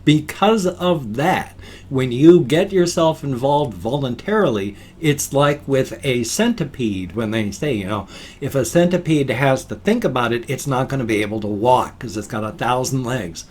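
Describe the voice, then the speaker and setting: A man's voice: medium pitch, lively intonation, moderate pace, a little mellow, slight background noise. An older man talking casually on his vlog, folksy and chatty, explaining things at length with homespun sayings. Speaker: vlogger. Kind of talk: casual rambling vlog talk.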